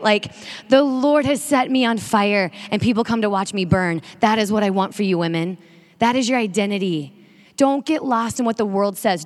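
A woman giving an energetic sermon-style talk to a women's audience, drawing call-and-response. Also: a little high. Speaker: speaker at a women's faith event. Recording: long reverb of a large hall.

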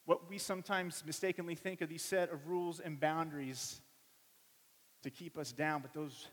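An animated man in his thirties preaches from the pulpit, his somewhat high voice carrying a long reverb through a big church hall. He tells family stories and jumps into the voices of the people in them. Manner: animated storytelling, acts out voices of family members. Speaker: pastor. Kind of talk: sermon with personal stories.

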